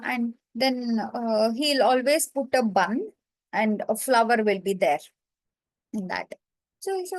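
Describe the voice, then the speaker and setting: A woman retelling a scripture story for learners, explaining simply with many pauses. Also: fairly high pitch, lively intonation, no room sound, poor audio. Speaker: storyteller teacher.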